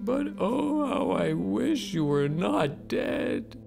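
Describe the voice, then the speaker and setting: A man's voice: high voice, big pitch swings, gravelly, music in the background, voice pushed up, exaggerated voice. A man voicing a proud male eagle who wails and sobs in exaggerated self-pity. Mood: mock grief. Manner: wailing, drawn-out theatrical sobbing.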